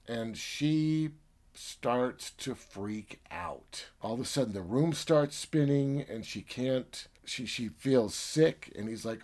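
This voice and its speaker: A man's voice: mid-range voice, animated, takes it slowly, darkish tone. Chatty man retelling a story. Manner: chatty, filler-heavy retelling. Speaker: book reviewer.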